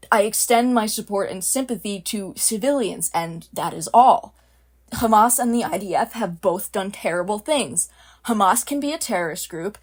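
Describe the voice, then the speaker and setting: Young woman ranting to camera, blunt and fed up, swears a lot. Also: medium pitch. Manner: blunt, exasperated, swears freely. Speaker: vlogger. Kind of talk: opinion commentary to camera.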